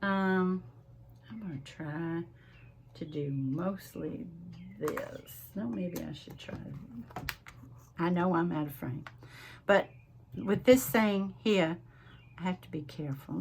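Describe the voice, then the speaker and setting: A woman with a Southern US accent, chatting casually at her home craft desk as she hosts a crafting vlog, drawn-out and full of laughs. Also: lowish voice, gravelly, a little mellow, a little hiss or hum. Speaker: crafting channel host.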